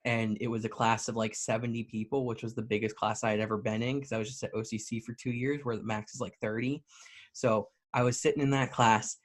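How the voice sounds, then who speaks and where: Young guy on a podcast, laid back, just telling a story, average pitch. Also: level tone, a little fast. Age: 20s. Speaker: podcast co-host. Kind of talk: casual podcast chat.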